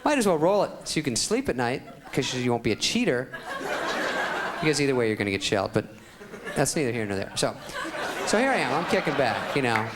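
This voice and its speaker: A man's voice: medium pitch, very animated, brisk. A man telling a sarcastic, self-deprecating stand-up story before a live audience. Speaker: stand-up comedian. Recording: loud audience laughter and noise.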